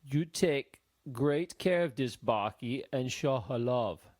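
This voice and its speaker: A superstitious sea quartermaster with a thick Greek accent, put on by a male audiobook narrator talks in slow, broken English. His voice sounds unlike the narrator's usual tone, dry and close-miked. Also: medium pitch, lively intonation, darkish tone, no room sound. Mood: gruff.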